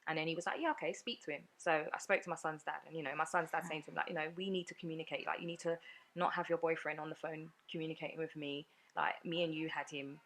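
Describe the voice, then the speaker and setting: Podcast guest, woman, deep voice, quick earnest storytelling full of fillers. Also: flat delivery, a bit bright. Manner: earnest, rapid retelling with many fillers. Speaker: guest sharing her story. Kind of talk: personal storytelling in a podcast interview.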